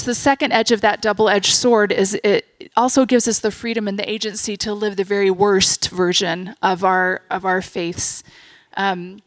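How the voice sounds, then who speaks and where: A woman's voice: medium pitch, no echo. A woman moderating a panel discussion, thoughtful and conversational.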